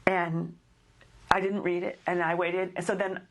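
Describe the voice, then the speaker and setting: A middle-aged woman telling a personal story in casual conversation, acting out the dialogue with animated shifts in her voice. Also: a little slow. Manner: animated, acts out dialogue with rising pitch.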